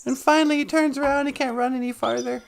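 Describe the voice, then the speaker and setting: A man's voice: very high-pitched, fairly even intonation, fast talker, creaky, slight background noise. A man hosting a podcast, rambling through a goofy comic story with playful silly asides. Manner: goofy, playful, doing silly voices and sound effects. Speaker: podcast host.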